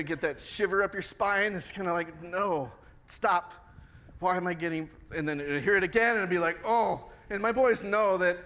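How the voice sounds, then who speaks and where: A middle-aged man with a high, slightly bright voice preaches in church as the congregation's pastor. His sermon has a chatty feel, and he asks the congregation questions along the way.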